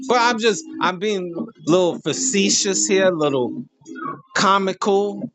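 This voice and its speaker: A man hosting a crude, mocking comedic rant to camera. He laughs at his own jokes and swings between high outbursts and a slow, low drawl. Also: music in the background. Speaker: host.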